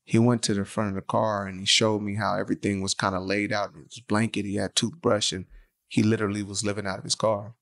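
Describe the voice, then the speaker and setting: A man co-hosting a faith podcast, mixing emphatic preaching with animated, slangy storytelling. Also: on the low side, fast talker, creaky. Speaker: podcast co-host.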